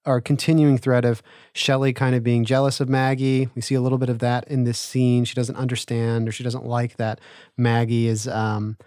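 A male podcast co-host talks through a scene in a loose, chatty way, dotting his sentences with "uh" and "um." His voice sits at an ordinary middle pitch. The sound is dry and close, with no room echo. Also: moderate pace. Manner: relaxed recapping with fillers. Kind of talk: casual podcast discussion.

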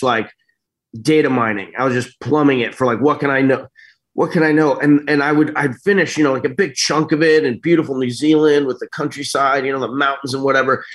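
A middle-aged man telling stories as an interview guest, rambling and animated, often breaking off and restarting. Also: medium pitch, a little fast. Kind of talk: casual storytelling interview.

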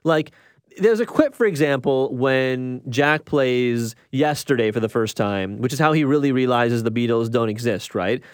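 A man's voice: mid-range voice, normal speed, clear, resonant tone, no echo, studio quality. A man giving a casual, rambling movie review, often restarting his sentences. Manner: rambling, restarts a lot, chatty. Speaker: film reviewer.

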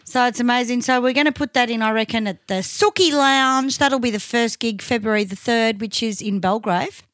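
A woman's voice: a little high, normal speed, a bit bright, no echo, clean studio sound. A woman with an Australian accent co-hosting a podcast in casual chat, blunt and profane, cutting people off abruptly. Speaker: podcast co-host and tribute band singer.

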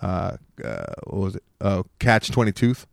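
A man's voice: sits low, very animated, measured pace, vocal fry, no room sound, studio quality. A man co-hosting a podcast in casual chat, rambling and filling his talk with "like". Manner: rambling, heavy on filler words. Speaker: podcast co-host.

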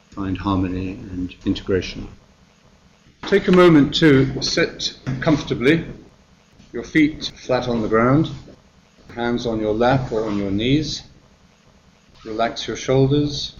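A man who is a monk and meditation teacher gives a guided meditation talk, speaking calmly and gently with slow pauses. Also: on the low side, dull audio, slight background noise.

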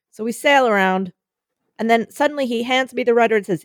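A young woman in casual conversation, telling a story with lively acted-out voices and the odd swear word. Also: a little high, fairly quick, no echo, clean studio sound. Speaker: co-host.

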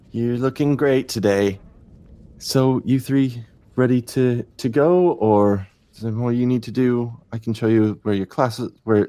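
A man voicing a hurried, annoyed young woman who guides students, talking in a flustered rush. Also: medium pitch, warm tone, no room sound, pitched above the performer's own voice, natural voice. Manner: flustered, rushed.

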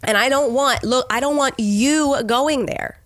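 A woman's voice: sits high, unhurried, no room sound, clean studio sound. A woman co-hosting a Christian podcast, speaking earnestly and acting out conversations about sharing her faith. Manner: earnest, acts out sample conversations. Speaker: podcast co-host.

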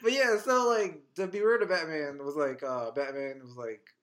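A man's voice: fairly high pitch, moderate pace. Rambling young man, casual chat. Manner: relaxed, rambling, filler-heavy. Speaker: podcast host.

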